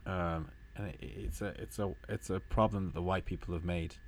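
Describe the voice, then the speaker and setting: A man hosting a casual chat over a video call, speaking haltingly and repeating words. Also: sits low, fairly even intonation, gravelly, slight background noise. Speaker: podcast host.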